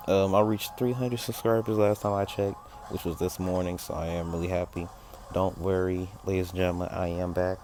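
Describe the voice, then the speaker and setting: Deep-voiced young man rambling casually. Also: darkish tone, slight background noise. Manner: rambling, self-correcting, lots of fillers. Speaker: fan story narrator. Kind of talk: casual improvised storytelling.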